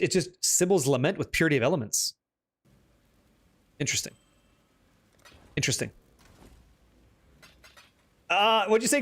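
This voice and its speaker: A man live-streaming a game, chatting and joking with viewers, excitable and profane. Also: high-pitched. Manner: excitable, profane, teasing chat, reading questions aloud.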